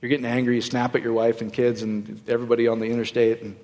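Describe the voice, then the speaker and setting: A male pastor preaching a sermon in a loose, joking style, full of quick asides and questions to the congregation. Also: mid-range voice, monotone, darkish tone. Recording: long reverb of a church hall.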